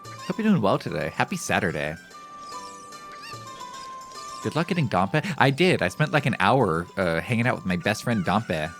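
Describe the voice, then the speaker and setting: Animated, joking male game streamer. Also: lowish voice, moderate pace, long pauses, soft background music. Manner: animated, joking, talks to chat; self-mocking. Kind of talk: casual live-stream gameplay commentary.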